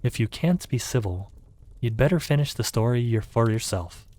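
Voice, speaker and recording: A man voicing a sleepy, sulky little dormouse with a hoarse, feeble voice. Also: medium pitch, expressive, normal speed, a little mellow, pitched above the performer's own voice, natural voice. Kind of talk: storybook reading.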